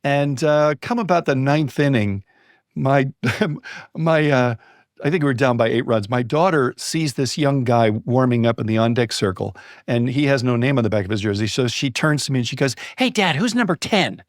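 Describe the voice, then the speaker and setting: A middle-aged man telling a personal anecdote as a guest on a podcast interview, building excitement as he goes. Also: medium pitch, normal speed, no room sound, clean studio sound. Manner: lively storyteller, building excitement. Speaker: guest speaker on storytelling.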